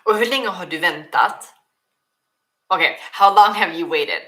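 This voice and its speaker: Chatty woman with a bright voice. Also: on the low side, lively intonation, measured pace. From Sweden. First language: Swedish. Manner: chatty, restarts often, reads chat aloud. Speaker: streamer. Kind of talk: casual livestream Q&A.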